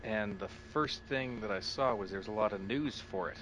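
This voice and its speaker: A man's voice: fairly low pitch, normal speed, a crowd in the background, low-quality recording. A man as a podcast guest in casual chat, giving brief, dry replies.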